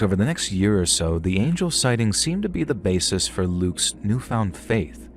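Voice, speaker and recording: A man's voice: low-pitched, a little mellow. A man narrating a first-person horror story in a conversational tone with dry humour.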